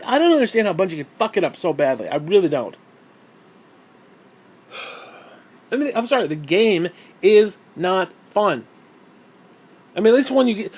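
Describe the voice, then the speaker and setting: Angry gamer guy with a higher-pitched voice, profane ranting monologue, recorded at home. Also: breathy edge. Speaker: gaming YouTuber. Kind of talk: angry gaming rant.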